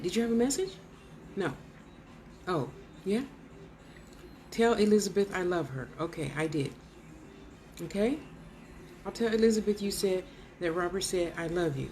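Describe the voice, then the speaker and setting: A woman's voice: a little high, warm tone, a little hiss or hum. Woman soothing an unseen spirit. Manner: coaxing, soothing, blunt asides. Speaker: vlogger talking to a spirit. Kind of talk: casual one-sided spirit talk.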